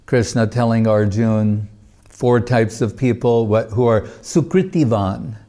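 A man's voice: mid-range voice, unhurried, mellow. A man giving a religious class, telling a story in a loose, digressive way with lots of casual filler phrases. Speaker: spiritual teacher giving a class.

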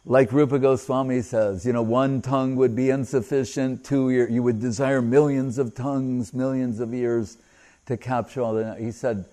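A man's voice: mid-range voice, steady tone, moderate pace, mellow. A man giving an informal religious talk, rambling and breaking off mid-phrase, chuckling at his own stories. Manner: rambling, self-interrupting, chuckling. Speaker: spiritual teacher.

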